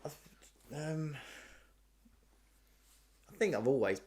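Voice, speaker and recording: An English father in casual podcast chat, speaking in a halting, self-interrupting way. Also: mid-range voice, very animated, darkish tone, slight background noise.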